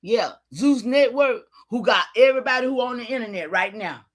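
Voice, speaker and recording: A woman giving an impassioned, preachy livestream talk, calling out to her listeners and sometimes shouting in frustration. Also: on the high side, lively intonation, fairly quick. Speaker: online community leader.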